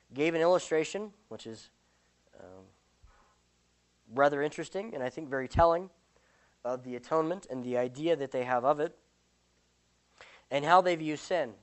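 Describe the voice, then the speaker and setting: A religious speaker teaches a doctrine and then reads a long parable to the listeners. The delivery is earnest and deliberate, at a middle pitch. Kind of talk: sermon with parable reading.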